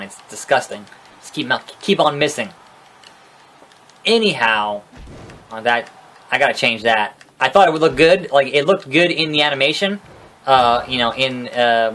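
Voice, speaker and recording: A man's voice: mid-range voice, a bit bright, a little hiss or hum. A young man casually commentating his wrestling video game playthrough, rambling, sarcastic and swearing at the characters. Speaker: gaming video host. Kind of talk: casual let's-play commentary.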